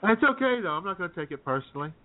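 A man's voice: high voice, very animated, very fast. A man co-hosting a comedy radio show, playful and teasing, laughing easily. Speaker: co-host. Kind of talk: casual comedy radio banter. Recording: tinny phone-like sound.

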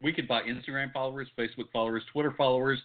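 A man's voice: medium pitch, fairly even intonation, very fast. A man co-hosting a podcast in casual, profane chat, blunt and dismissive. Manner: blunt, dismissive, swears a lot. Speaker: podcast co-host. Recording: tinny phone-like sound.

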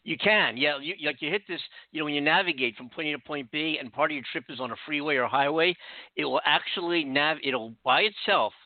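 A man's voice: fairly high pitch, a little fast, no room sound. A man from the United States hosting a casual radio talk show, earnest and rambling with many restarts. The sound is tinny and dry, like a phone line.

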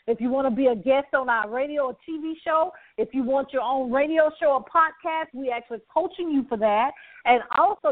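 A woman's voice: high voice, dry recording. A woman hosting a talk broadcast, effusive and repetitive, with preacher-like emphasis and frequent laughter. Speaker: talk show host. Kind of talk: enthusiastic broadcast outro. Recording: thin phone-like line.

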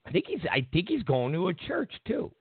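A man's voice: high-pitched, wildly swooping pitch, fairly quick, husky, no echo. A man hosting a political talk show, speaking casually and sarcastically, repeating himself and chuckling as he mocks his opponents. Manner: sarcastic, mocking, repeats phrases, chuckles often. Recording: tinny phone-like audio.

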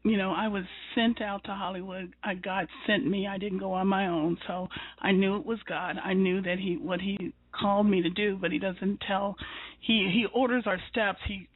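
A woman's voice: mid-range voice, steady tone, normal speed, husky, no echo. Earnest woman on a tinny phone line. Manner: earnest storytelling with frequent restarts and whispered asides. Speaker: interviewer and show host. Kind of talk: conversational faith interview.

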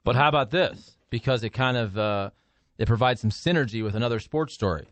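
A man's voice: mid-range voice, a little fast, a bit bright, no room sound. A man co-hosting a sports talk radio show in a studio, giving emphatic opinions in casual banter. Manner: opinionated, emphatic hot takes. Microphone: studio microphone.

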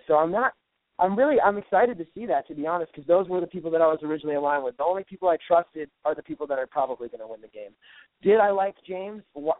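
A man talks fast and loose on a call, his voice sitting a bit high for a man. Slang like bro and dude runs through everything he says. The sound is thin and phone-like, with no room around it. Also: no echo. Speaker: guest caller. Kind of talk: casual chat. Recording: dry tinny phone line.

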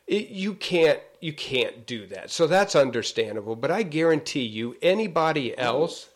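A man's voice: fairly high pitch, lively intonation, moderate pace. A man co-hosting a casual sports chat show in a studio, rambling and laughing, often trailing off mid-sentence. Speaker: co-host. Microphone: studio mic.

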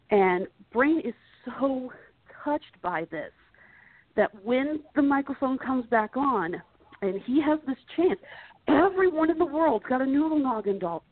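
A woman guesting on a podcast in casual chat, retelling a story in an animated way. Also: high voice, slightly rough, no echo. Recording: dry, tinny phone-like line.

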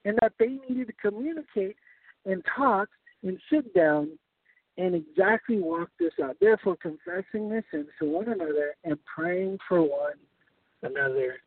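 A man's voice: sits high, expressive, moderate pace, no room sound. A man preaching a Bible study sermon, explaining scripture step by step and often checking in with his listeners. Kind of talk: sermon-style Bible teaching. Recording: tinny phone-like sound, dry.

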